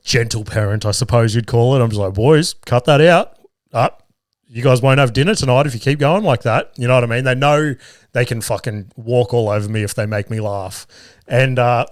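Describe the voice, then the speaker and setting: Studio-quality audio with no echo captures a medium-pitched Australian man in his thirties. Hosting a podcast, he tells family stories in a relaxed, sweary manner, laughing often.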